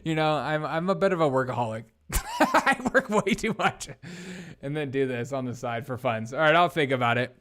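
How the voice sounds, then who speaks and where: A man's voice: medium pitch, expressive, fairly quick, a bit bright. A young man hosting a casual live stream, rambling bluntly and reading out viewer comments. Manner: blunt, rambling, reads chat aloud.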